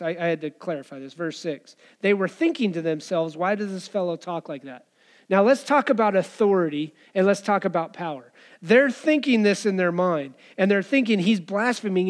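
A man with a fairly high voice preaches a sermon. He keeps it conversational and throws rhetorical questions at the congregation. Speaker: pastor.

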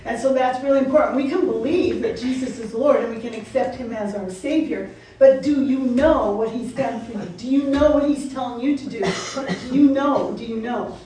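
A woman preaching to her congregation, driving her points home with repeated questions. Her voice sits fairly high but sounds mellow. She is heard from a distance in a very roomy church with faint background noise. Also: fairly quick, few pauses. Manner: animated, repeating questions to the congregation, laughing asides. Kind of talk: sermon. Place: church sanctuary.

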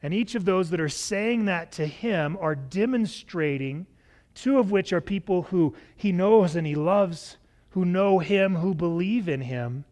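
Man, preacher, expressive sermon, varied pace, slightly high voice. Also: measured pace. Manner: expressive, varied pace, acts out quoted lines. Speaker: pastor.

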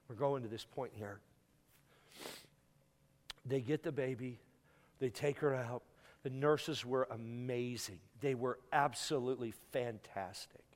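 A guest pastor telling a painful story in a sermon, tearful and halting, stumbling and repeating words as he is moved. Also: medium pitch. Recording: long hall reverb.

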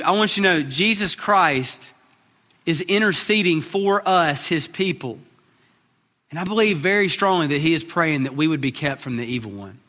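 A man's voice: high voice, expressive, unhurried, pushed and bright, big-room sound. A man preaching a sermon as pastor, earnest, often repeating words as he starts a phrase.

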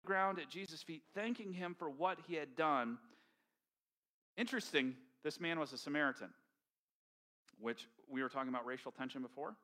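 A man preaching a sermon to his congregation in an animated, conversational storytelling manner, acting out quotes along the way. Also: on the high side, normal speed, pauses often. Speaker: pastor. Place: church sanctuary with congregation.

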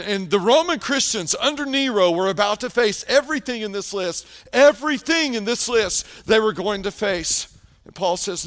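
A man preaching a sermon, telling stories and often dropping to a hushed tone for emphasis. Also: sits high. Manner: storytelling preacher, dramatic pauses, drops to hushed tones. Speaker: pastor.

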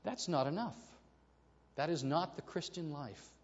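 A man preaching a sermon to his congregation, telling a story with animated delivery and acting out the voices in it. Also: on the high side, unhurried. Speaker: pastor. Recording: reverberant hall, dull lo-fi sound.

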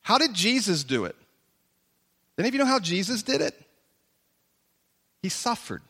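A man's voice: high-pitched, big pitch swings, normal speed, bright, forceful tone, breathy edge, in a large hall. A man preaching a sermon as pastor from a church stage. He preaches with passion and at times speaks in the voices of imagined listeners.

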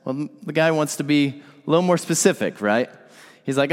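A man's voice: medium pitch, fairly even intonation, moderate pace, smooth, in a large hall. A man preaching a sermon in a conversational way, speaking directly to his congregation. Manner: conversational, asks the congregation to respond. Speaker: pastor.

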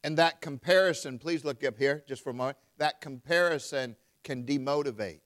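A man's voice: medium pitch, brisk, a bit bright. A man preaching a sermon, reading scripture aloud and calling out to his congregation. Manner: emphatic, calls out to the congregation; reads scripture aloud in King James wording.

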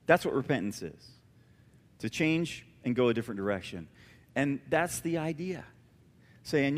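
A man preaching a sermon as pastor, animated and emphatic with a conversational touch, in a church. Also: mid-range voice, moderate pace, long pauses, long reverb tail. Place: church sanctuary.

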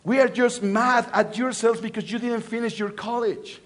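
A pastor preaching a sermon, telling a story with lots of animation, swinging from loud emphasis to hushed lines and repeating phrases for effect. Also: male voice, extremely high pitch, normal speed.

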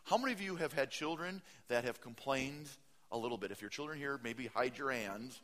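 Animated male preacher in a reverberant hall. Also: mid-range voice, fairly quick. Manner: animated preaching, swinging from loud to hushed; reads scripture aloud and stops to comment. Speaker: pastor. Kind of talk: sermon.

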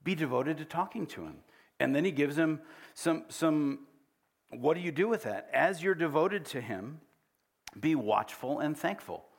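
A man's voice: fairly high pitch, expressive, a little slow, gravelly. A middle-aged man preaching a sermon in a church, conversational and often putting questions to the congregation. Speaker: pastor.

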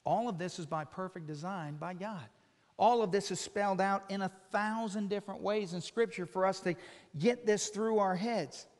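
A man with a notably high voice delivers a sermon, earnest and explanatory, often turning to ask his listeners questions. His voice carries a long reverb, as if it is filling a large hall. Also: moderate pace. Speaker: preacher.

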